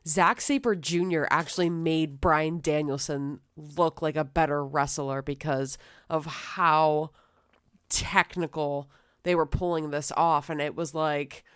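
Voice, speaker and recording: A woman co-hosting a casual podcast chat, agreeable and quick to laugh, with lots of yeahs and mm-hmms. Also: low-pitched, steady tone, clean tone, dry recording, studio quality. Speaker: podcast co-host.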